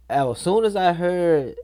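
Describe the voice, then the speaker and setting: A man's voice: sits high, mellow. Male reaction host, casual and slangy. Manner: laid-back, slangy, chuckling asides.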